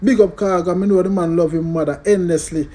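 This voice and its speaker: A man with a Jamaican accent hosting a casual music commentary vlog in an animated way, tagging his lines with "you know" and "big up". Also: sits high, a little fast.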